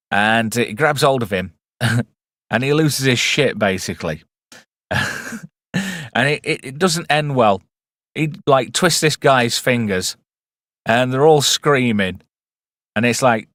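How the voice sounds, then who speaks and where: A man talks through a film in a loose, irreverent ramble, cursing freely. His voice sits at an ordinary middle pitch. The sound is dry and close, with no room echo. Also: lively intonation, slow pace, pauses often, fairly bright tone. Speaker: movie reviewer. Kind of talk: casual film commentary.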